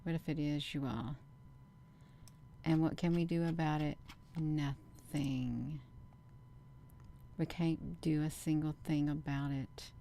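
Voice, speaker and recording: A woman with a low-pitched voice talks her viewers through camera footage in a loose, chatty way. She keeps calling out to her audience and leans hard on her points, insisting they look where she points. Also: takes it slowly, vocal fry, pauses often, a little hiss or hum. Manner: animated, repeatedly addresses viewers as "you all"; insistent, emphatic bursts. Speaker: channel host. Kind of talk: casual live commentary over camera footage.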